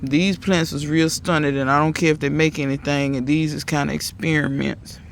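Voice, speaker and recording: A man's voice: fairly high pitch, little pitch movement, normal speed, gravelly, slight background noise. A man in a casual gardening vlog, chatty and emphatic, talking to viewers outdoors in his garden. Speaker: home gardener.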